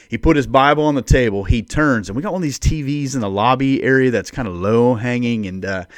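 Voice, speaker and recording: Man, podcast host, preacherly and emphatic, mid pitch, dry close mic. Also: no room sound. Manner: conversational, preacherly, rising emphatic bursts. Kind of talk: devotional podcast teaching.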